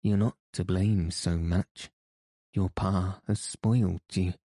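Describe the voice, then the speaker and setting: A man's voice: low voice, fairly even intonation, slow pace, warm tone, dry recording, full character voice. A man reading the part of a blunt, nagging woman housekeeper who scolds in an audiobook. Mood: scolding.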